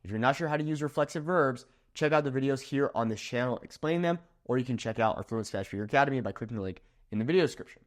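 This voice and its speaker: A man's voice: mid-range voice, very fast, hardly any pauses. A man teaching a grammar lesson at a whiteboard, explaining step by step and checking in with "okay?" after each point. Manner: animated, checks in with "okay?" often. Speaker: Spanish teacher. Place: room with a whiteboard.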